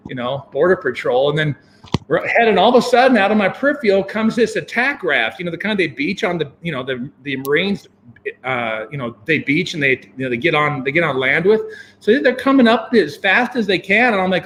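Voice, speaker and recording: A man telling a long personal story as an interview guest, animated and full of fillers and chuckles. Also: sits high, fairly quick, slight background noise. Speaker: guest, venture capitalist. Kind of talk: casual anecdote telling.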